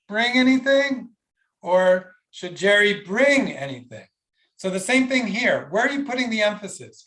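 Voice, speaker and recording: Guy teaching a talmud class, reads the hebrew and aramaic out then explains it, lots of um and restarts, bright kinda forceful voice a bit on the high side. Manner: talks casually with frequent fillers and restarts. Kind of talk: lecture on a Talmud passage. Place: synagogue hall.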